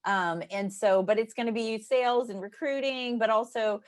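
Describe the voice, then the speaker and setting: A woman's voice: a little high, normal speed. A woman hosting a casual livestream chat, upbeat, repeating words and laughing often. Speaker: host.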